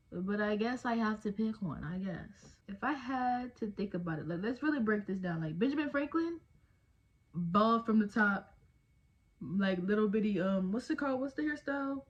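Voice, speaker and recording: A woman's voice: a little high, slightly rough, muffled recording. A woman, chatting casually and jokingly at home while doing her makeup. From Texas. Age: 20s. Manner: chatty, slangy, jokey, with trailing fillers. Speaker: beauty vlogger. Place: home, indoors.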